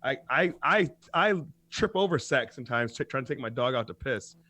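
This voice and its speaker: A man's voice: medium pitch, moderate pace. A man co-hosting a radio talk show, telling stories in profane casual chat and laughing often. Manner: animated storytelling, laughs often. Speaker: co-host.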